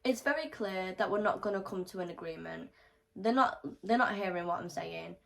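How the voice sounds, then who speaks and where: A young woman telling a storytime vlog, animated and swearing freely as she acts out the quotes. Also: medium pitch, normal speed, vocal fry, rough recording.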